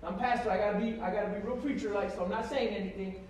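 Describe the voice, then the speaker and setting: High-voiced preaching man in an echoey hall. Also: quick pace, few pauses, slight background noise. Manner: animated preaching, rising to emphatic calls. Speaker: pastor. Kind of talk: sermon. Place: large echoey church hall. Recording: echoey church hall, distant mic.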